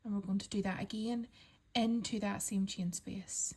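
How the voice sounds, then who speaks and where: A woman calmly talking learners through a crochet pattern step by step, counting stitches aloud and reassuring them. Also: medium pitch, moderate pace, husky. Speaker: crochet instructor. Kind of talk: step-by-step craft tutorial.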